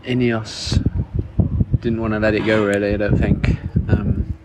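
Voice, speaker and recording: A young man in his late teens talks through his race day in a low, flat voice, plain and matter-of-fact, pausing often. He records on a phone outside by a road, and loud traffic noise runs under his words. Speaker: racing cyclist giving a diary update. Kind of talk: casual spoken diary. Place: outdoors, by a road.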